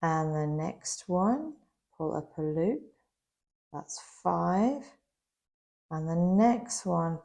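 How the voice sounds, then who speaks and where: A woman's voice: on the low side, creaky, dark tone. A woman giving a patient step-by-step crochet lesson, her voice slightly worn as she is losing it a bit. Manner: slow, patient, instructional. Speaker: crochet instructor. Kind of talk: step-by-step craft tutorial.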